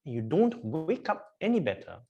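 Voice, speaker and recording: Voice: medium pitch, huge pitch swings, normal speed, warm tone, dull audio. A preacher doing a weary American film star. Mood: weary confession. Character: famous male American film actor, weary and reflective. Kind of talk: quoted impression in a sermon.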